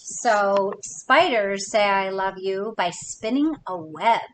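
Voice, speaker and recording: A woman reading a picture book aloud to young children, pausing to ask them playful questions. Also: medium pitch, animated, fairly bright tone, a little hiss or hum, poor audio. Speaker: children's story reader.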